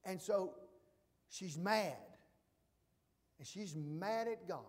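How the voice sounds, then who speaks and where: A man preaching a sermon as pastor, emphatic, swinging from hushed asides to loud declarations. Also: high-pitched, takes it slowly, long pauses, in a large hall.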